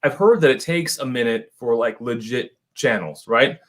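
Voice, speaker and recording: A man's voice: medium pitch, moderate pace, a bit bright. Joking man reading super chats. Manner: laughs often, joking, thanks viewers by name. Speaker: co-host of a whiskey channel livestream. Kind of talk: casual livestream chat.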